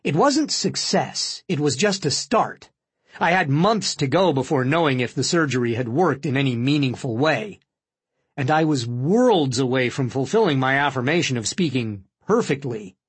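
A man with a somewhat nasal voice narrating his own memoir as an audiobook, in an earnest, reflective, measured reading. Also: medium pitch, expressive, slightly rough, no echo.

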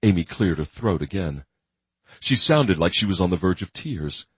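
Low husky guy reading a crime thriller audiobook, steady and grim. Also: normal speed, no room sound. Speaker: audiobook narrator. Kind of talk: scripted narration.

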